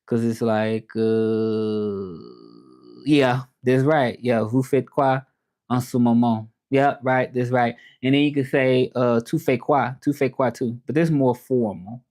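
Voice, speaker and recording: A man with a Southern US accent chatting casually on his livestream, relaxed and talkative, repeating phrases and slipping in some French. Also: mid-range voice, takes it slowly. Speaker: interpreter and livestream host.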